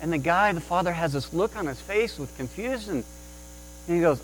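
Male pastor, slightly higher voice, sermon delivery with frequent restarts, faint mains hum. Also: a little fast, poor audio. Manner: restarts often, tells anecdotes with acted quotes.

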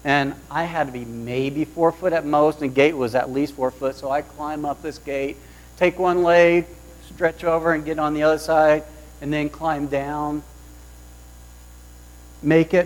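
A man's voice: fairly high pitch, moderate pace, poor audio. Storytelling male preacher, hum behind. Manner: storytelling, lively quoted voices. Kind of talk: sermon with personal story. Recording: mains hum underneath.

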